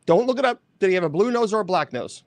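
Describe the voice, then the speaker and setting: Male host, casual chat, rambling and animated, slightly high voice, dry close sound. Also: fast talker, no echo. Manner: rambling, animated, self-correcting.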